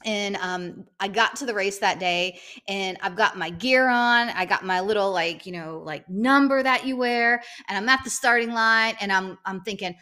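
A middle-aged woman co-hosting a podcast, telling a story in a casual chat and acting out the quotes with big jumps in pitch. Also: moderate pace, few pauses, pushed and bright, smooth. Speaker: podcast co-host.

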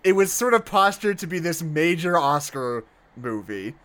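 A podcast co-host chats loosely about movies in a slightly high, fairly bright voice with big swings in pitch and a moderate pace. He's casual and chatty, laughs a lot, and quotes people using put-on voices.

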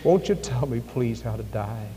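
A man in a church voicing a frightened, dying young soldier who begs, hushed and pleading, to be told how to die. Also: mid-range voice, animated, normal speed, close to an everyday voice. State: weak, dying. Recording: echoey hall with faint music.

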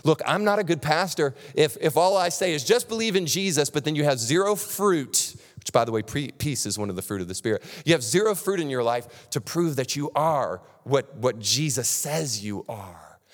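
A man in his thirties preaching a sermon as pastor, animated and acting out quotes, with frequent restarts. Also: a little high, moderate pace, hardly any pauses. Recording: long hall reverb.

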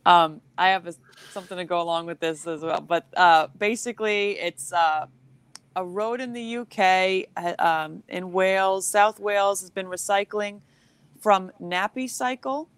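A woman's voice: fairly low pitch, unhurried, clean tone, no echo. Giggly rambling woman comedian. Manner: giggly, rambling, animated storytelling. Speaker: comedian guest. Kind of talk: casual podcast chat.

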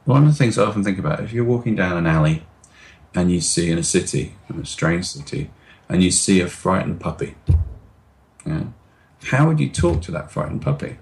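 A middle-aged man talking as a guest expert in an interview over a video call, explaining ideas and sometimes slowing down on purpose. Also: sits low, very animated. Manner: demonstrative, acts out anxious voices and slows down on purpose.

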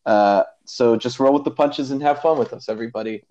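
A laid-back man from the Midwest hosts a podcast, chatting loosely with plenty of fillers and easy laughs. His voice sits at an ordinary middle pitch, and the recording sounds a bit dull and lo-fi. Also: a little fast, dark tone. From American Midwest. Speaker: podcast host. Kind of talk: casual chat.

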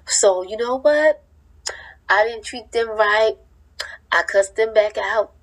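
Speaking slowly in a slightly high voice, a woman delivers sermon-style teaching with a fervent, emphatic cadence. The audio is poor, and her informal speech drops verb endings.

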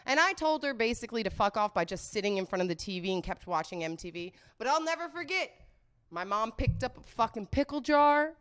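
A woman's voice: a little high, sing-song, brisk, a bit bright, clean tone. A woman hosting a comedy show, rambling through a casual, profane, joking monologue. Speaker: host of a comedy show about sex.

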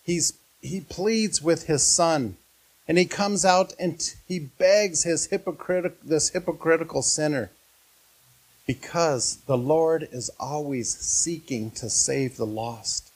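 A man's voice: a little high, slow, slightly rough. A man preaching a sermon as pastor, earnest and often putting questions to his listeners.

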